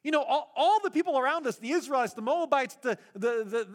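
A man's voice: extremely high pitch, lively intonation, a little fast, pitched above the performer's own voice. A pastor acting out Moses as an exasperated man pleading with God, indignant and incredulous.

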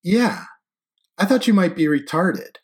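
A man's voice: high-pitched, very animated, measured pace, voice pushed up. A man voicing a blunt, sarcastic teenage girl in an audiobook reading, with a teasing manner.

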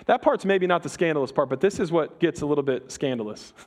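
A man preaching a sermon, retelling a story with dramatic pauses and humor. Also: on the high side, expressive.

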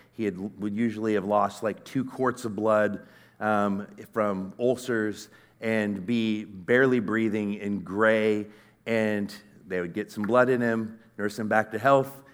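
A middle-aged man giving a sermon, telling a personal story in a conversational, earnest way that swings from loud to hushed. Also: lowish voice. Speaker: conference speaker.

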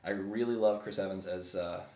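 A man chatting casually on a podcast, animated, laughing often and restarting his sentences. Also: low-pitched, moderate pace, roomy sound. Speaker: podcast co-host. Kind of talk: casual chat.

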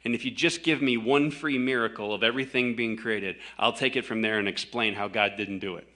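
Brief: male pastor, bright forceful tone, conversational emphatic sermon delivery. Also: lowish voice, fairly even intonation, a little fast.

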